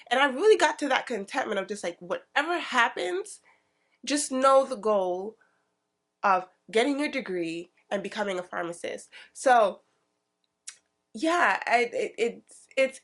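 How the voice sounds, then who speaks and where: A young woman in her twenties, a student vlogger, talking excitedly and emphatically about her faith in a casual vlog. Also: fairly high pitch.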